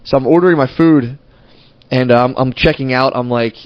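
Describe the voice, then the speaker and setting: A man's voice: mid-range voice, moderate pace, no room sound, muffled recording. A man co-hosting a podcast, telling rambling, profanity-laced stories in casual chat. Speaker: podcast co-host.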